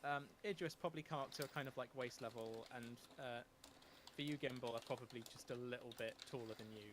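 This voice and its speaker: A man's voice: mid-range voice, quick pace, noisy background. Hesitant man running a tabletop game. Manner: hesitant, many ums and restarts. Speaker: game master.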